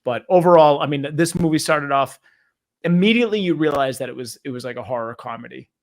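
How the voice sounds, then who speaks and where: A man hosting a movie review podcast, telling stories in a lively, profane, casual way and mimicking people. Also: fairly high pitch, quick pace. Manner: animated, profane storytelling with mimicry. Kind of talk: casual chat.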